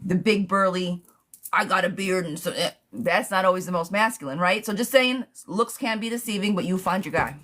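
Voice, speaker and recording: A woman's voice: lowish voice, brisk, hardly any pauses, a bit bright. Chatty woman reading tarot live. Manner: chatty, playful, calls viewers darling and girl. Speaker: tarot reader.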